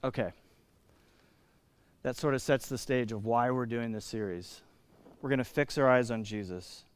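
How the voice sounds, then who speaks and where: A man from Indiana preaching a sermon as pastor, emphatic and slowing down to stress key words. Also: medium pitch, clean tone, dry recording.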